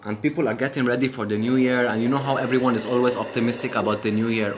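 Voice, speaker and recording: A man's voice: medium pitch, steady tone, fast talker, hardly any pauses, a little hiss or hum. A man from Syria on a live stream, speaking with passion, swearing and repeating phrases for emphasis. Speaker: livestream host. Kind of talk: emotional live stream rant.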